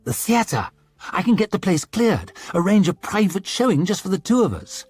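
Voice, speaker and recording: A man's voice: sits high, sing-song, moderate pace, a little mellow, slightly rough, dry recording, pitched above the performer's own voice, full character voice. A man voicing a self-mocking young crown prince with a flippant, boyish manner. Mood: eager.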